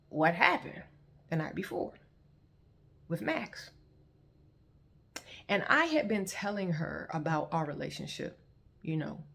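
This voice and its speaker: A woman's voice: on the low side, creaky. A woman in her thirties telling her personal testimony in a conversational, storytelling way. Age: 30s. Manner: conversational, animated when quoting others. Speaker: testimony vlogger.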